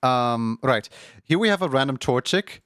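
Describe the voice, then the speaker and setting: A man's voice: medium pitch, animated, normal speed, a bit bright, smooth, dry recording, clean studio sound. A young man streaming at home in casual chat, rambling with lots of filler words and frequent laughs. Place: home room.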